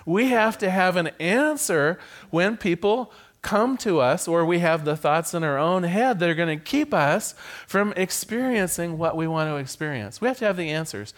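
A male minister with a somewhat high voice delivers a sermon. His pitch swings widely as he speaks, and his delivery is playful and animated, with occasional stumbles where he repeats a word before carrying on. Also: normal speed.

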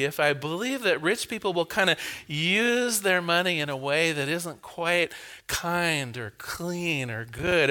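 A man giving a reflective personal talk about beliefs, telling anecdotes with laughter and rhetorical questions. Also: on the high side. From Pacific Northwest, US. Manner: anecdotal, animated storytelling with laughs.

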